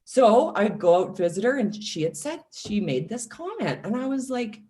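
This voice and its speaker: A woman in her forties, a self-love coach, talking casually and telling personal stories with lively acted-out quotes. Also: mid-range voice, moderate pace. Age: 40s. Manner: animated storytelling, acts out quoted voices. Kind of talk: casual podcast conversation.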